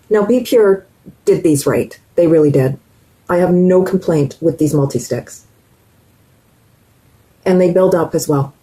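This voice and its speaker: A woman's voice: low-pitched, warm tone, breathy edge, poor audio. A woman talking viewers through her makeup as a beauty vlogger, chatty and enthusiastic, addressing them directly. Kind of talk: casual makeup tutorial chat.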